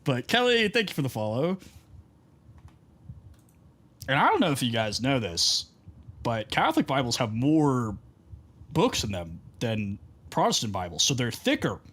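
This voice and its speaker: A man's voice: mid-range voice, big pitch swings, moderate pace, fairly bright tone. A man streaming a video game, telling stories and greeting viewers in a loose, rambling way, with lots of "like". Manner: rambling storytelling full of "like" and asides to chat. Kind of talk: casual live-stream chat while gaming.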